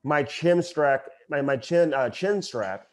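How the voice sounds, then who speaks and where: A man's voice: a little high, slow pace. A man co-hosting a podcast who works as a broadcaster, telling a story in casual chat while laughing at himself.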